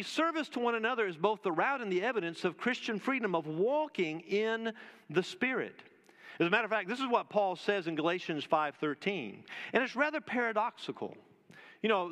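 High-voiced preacher in an echoing sanctuary. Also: male voice, fairly bright tone. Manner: emphatic preaching with slow, drawn-out pauses and rhetorical questions. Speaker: pastor. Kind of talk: sermon. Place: church sanctuary. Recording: long reverb of a church hall.

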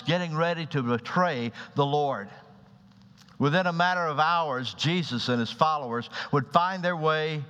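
A man preaching a sermon in a church, dramatic in delivery and acting out the voices in his stories. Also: fairly bright tone. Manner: dramatic, acts out quoted voices with rising pitch. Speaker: pastor. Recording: lo-fi recording with long hall reverb.

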